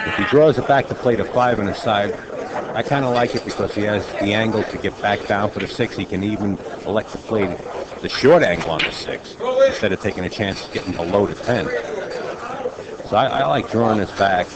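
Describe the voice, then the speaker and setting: A man commentating a live pool match, calmly explaining shot options and cue ball position. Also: fairly low pitch, moderate pace, very noisy.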